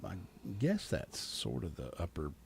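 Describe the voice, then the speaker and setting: A man's voice: deep voice, wildly swooping pitch, unhurried, gravelly, slight background noise. Folksy radio host man. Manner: folksy, joking, chatty. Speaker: radio morning show host. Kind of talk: casual radio chat. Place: radio studio.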